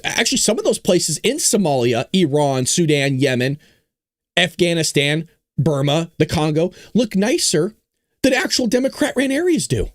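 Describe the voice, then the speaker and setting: A man from California hosting a casual political commentary livestream, talking in an animated, sarcastic way with mock-dumb asides. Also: on the high side, normal speed, no echo, clean studio sound. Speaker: host of a livestreamed political talk show.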